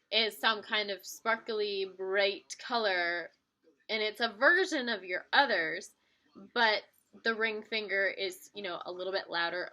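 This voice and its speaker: A young woman chats straight to the camera in a casual vlog. Her voice is bright and clear. She talks in a loose, friendly way and often doubles back to restart a phrase. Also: mid-range voice. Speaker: vlogger.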